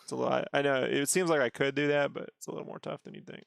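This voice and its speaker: A man artist quietly thinking aloud while painting, casual and relaxed. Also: medium pitch, fast talker, vocal fry, no room sound, clean studio sound.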